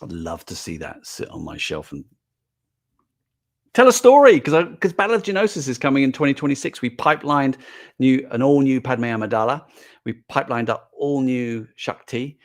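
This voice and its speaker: A man's voice: medium pitch, animated, moderate pace. An older man, talking casually and earnestly to viewers on a live stream as a toy brand manager, with frequent fillers and restarts.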